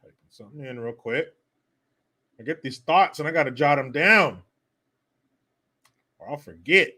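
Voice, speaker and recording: A man's voice: fairly high pitch, animated, moderate pace, bright, forceful tone. A man hosting a casual commentary vlog, sarcastic and mocking, swearing freely and laughing often. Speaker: host.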